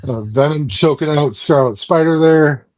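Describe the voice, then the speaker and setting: A man's voice: fairly high pitch, normal speed, a little mellow, dry recording, dull audio. Man casually recapping a comic book. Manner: rambling, loose, many fillers. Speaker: book club host.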